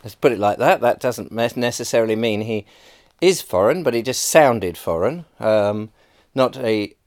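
A middle-aged man with an English accent gives a casual vlog monologue, chatty and rambling. He is self-deprecating and full of restarts, as if thinking out loud to the camera. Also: mid-range voice, animated, moderate pace. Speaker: vlogger.

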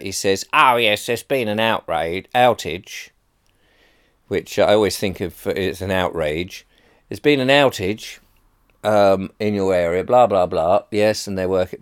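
A man, rambling and sarcastic in a casual rant to camera. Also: on the low side.

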